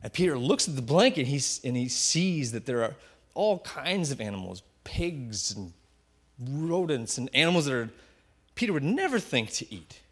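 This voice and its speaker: A man preaching a sermon, retelling a Bible story vividly and often dropping to a hushed voice for effect. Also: mid-range voice, sing-song, normal speed, husky. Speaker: pastor.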